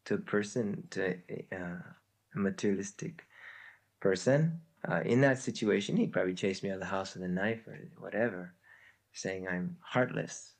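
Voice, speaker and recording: A man's voice: on the low side, gravelly, darkish tone. A man teaching a spiritual lecture with a story, hesitant with many fillers and a wry humor.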